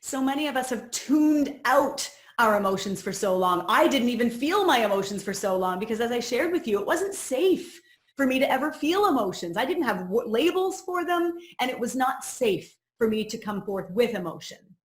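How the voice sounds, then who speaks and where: A woman's voice: a little high, very animated, normal speed. Earnest woman coach in a roomy space. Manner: earnest and personal, sharing her own story. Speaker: personal growth coach leading a course. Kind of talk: reflective teaching talk. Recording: roomy echo.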